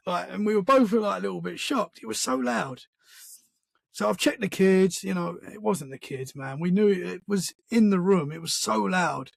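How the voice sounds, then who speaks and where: A man, a podcast guest, telling a story in casual conversation, animated and full of restarts. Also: high voice, normal speed, gravelly, dry recording. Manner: animated storyteller, acts out sounds and quotes; many restarts and "man" fillers.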